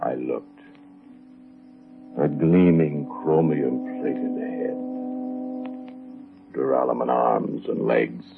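A man's voice: rumbling low, wildly swooping pitch, very slow, gravelly, pauses often, exaggerated voice. An actor playing a polite, fussy shopkeeper who tells his story to the listener, in 1940s radio acting. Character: fussy, kindly middle-aged shopkeeper telling his story. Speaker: narrator and shop owner. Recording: tinny old radio broadcast with music.

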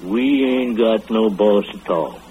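A man's voice: on the low side, animated, slow pace, slight background noise. A hateful, scheming rural man. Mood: scornful. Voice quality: rough rural dialect. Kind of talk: 1940s radio acting. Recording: tinny old radio broadcast.

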